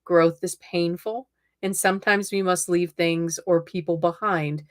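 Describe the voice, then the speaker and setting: A woman in her forties chats through a live tarot reading for her viewers. Her voice sits a little low, and she laughs easily between remarks. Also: fairly even intonation, measured pace. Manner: chatty, laughs often, addresses viewers warmly as lovelies. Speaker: host. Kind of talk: casual live-stream chat.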